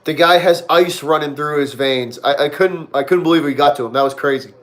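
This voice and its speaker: A man's voice: on the high side, a little fast, a bit bright. A young man hosting a live Q&A stream, chatting casually with viewers, repeating himself often and laughing a lot. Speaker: livestream host.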